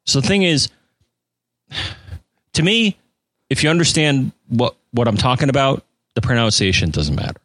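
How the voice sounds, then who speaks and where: Male co-host, casual and jokey, animated pitch, dry close mic. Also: normal speed, long pauses, dry recording. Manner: jokey, rambling, lots of restarts. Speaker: podcast co-host. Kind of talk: casual chat.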